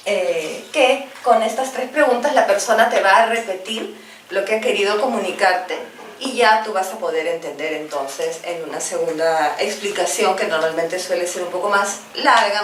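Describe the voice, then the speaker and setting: A woman whose first language is Spanish runs a bilingual English lesson, stretching each practice phrase out slowly before hurrying through the explanations. She sits a bit back from the mic, so the room rings around her voice. Faint background noise runs underneath. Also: mid-range voice, a bit bright, roomy sound, far from the mic, low-quality recording. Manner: slow, over-articulated drill repetitions, quicker Spanish explanations. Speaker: English teacher.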